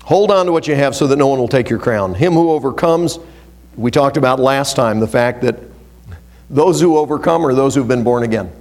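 A pastor delivers a sermon to his congregation at a fairly quick clip. He reads scripture with emphasis, swinging from loud, stressed phrases to hushed, low asides.

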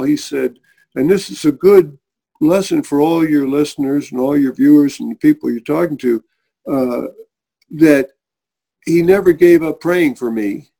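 Middle-aged guy telling his faith story on a talk show, kinda high voice, husky, earnest, does the voices of people he quotes. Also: dark tone. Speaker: guest.

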